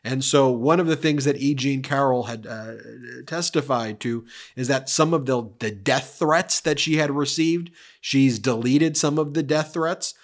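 Guy host recapping court drama, animated, kinda mocking, mid voice. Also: mid-range voice, a little slow, few pauses. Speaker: legal commentary host. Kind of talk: casual commentary recap.

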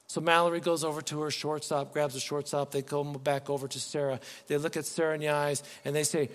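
A man's voice: on the high side, little pitch movement, fast, few pauses. A man preaching a sermon as pastor, earnest and pleading, often restarting his words. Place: church sanctuary. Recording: long reverb, faint music behind.

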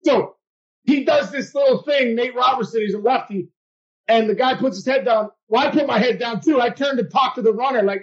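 A man co-hosting a casual podcast, telling stories in a lively, laughing way. His voice sits high for a man. The sound is dull and lo-fi. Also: brisk. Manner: animated, laughing, acts out his own reactions. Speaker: podcast co-host, former player. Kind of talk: casual storytelling chat.

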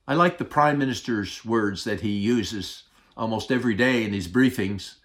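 Speaking in a fairly low voice, a man delivers a sermon as pastor with deliberate pacing and dramatic pauses, frequently softening to a hush at tender moments.

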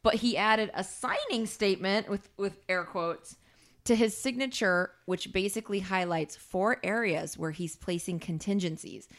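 A woman's voice: medium pitch, normal speed, a bit bright. A woman co-hosting a podcast in casual political chat, ranting and swearing freely. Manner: profane, ranting, full of fillers. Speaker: podcast co-host.

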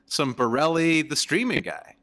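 Male podcast host, a bit high, bright animated voice, loud teasing banter. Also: moderate pace. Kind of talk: casual chat.

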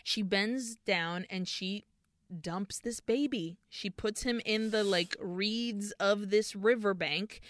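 A woman's voice: mid-range voice, takes it slowly, dry recording. A woman co-hosting a podcast, retelling a film's scenes in detail in casual chat. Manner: retells scenes in detail, laughs when emotional. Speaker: podcast co-host. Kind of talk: casual film recap chat.

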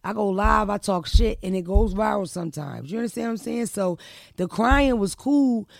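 A young adult woman hosting a podcast, telling her story in a casual chat. She speaks in a brash, profane, animated way. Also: medium pitch, moderate pace, vocal fry, no room sound, studio quality. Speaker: podcast host.

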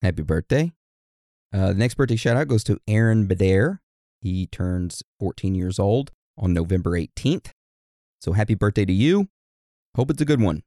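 A man reading out birthday shout-outs on a podcast, joking and poking fun at himself. His voice sits on the low side. The sound is dry and close. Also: expressive, normal speed, dry recording. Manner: joking, self-deprecating. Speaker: podcast co-host.

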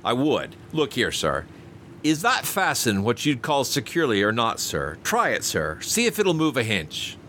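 A man reading an audiobook voices a nervous, servile ship's steward with a rough working-class manner of speech. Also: mid-range voice, huge pitch swings, moderate pace, pushed and bright, a little hiss or hum, voice pushed up. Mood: pleading.

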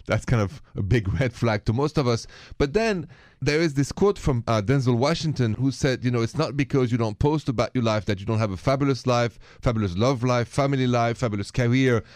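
A man's voice: medium pitch, fairly quick, few pauses, a little mellow, no room sound, clean studio sound. A man with a French accent hosting a radio call-in show, chatty and dropping French greetings.

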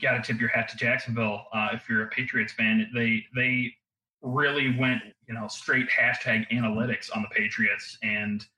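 A man talking as a guest analyst on a casual sports podcast, wry and quick to laugh. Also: mid-range voice, fairly even intonation, sharp tone, reverberant, low-quality recording.

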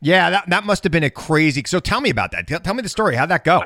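A man's voice: fairly high pitch, expressive, quick pace, pushed and bright, no echo, clean studio sound. A radio host, chatting casually and teasing his guest, laughing often.

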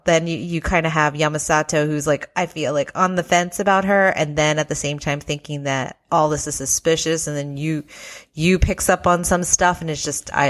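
A woman co-host in casual chat, lively and quick to act out what people said. Her voice sits a little low for a woman. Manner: animated, acts out quotes in high squeaky voices. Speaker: podcast co-host. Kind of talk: casual chat reviewing a reality show.

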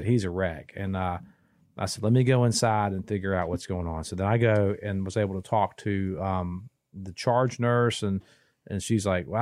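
A man, telling a long story in casual podcast chat, rambling and restarting, animated when he quotes people. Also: fairly low pitch, dry recording, clean studio sound. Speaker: podcast co-host.

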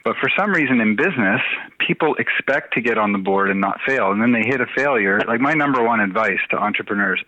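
A middle-aged man from New Brunswick, Canada, a guest telling anecdotes in a lively way, full of "you know" fillers. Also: on the low side, quick pace, no room sound, dull audio. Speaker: podcast guest, tech CEO. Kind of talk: conversational storytelling.

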